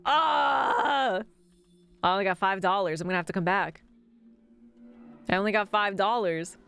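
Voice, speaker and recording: Woman game streamer, playful and giggly, mid pitch, faint music bed behind. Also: fairly even intonation, brisk, a bit bright, clean tone. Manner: playful and giggly, jokey asides. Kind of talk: let's play commentary.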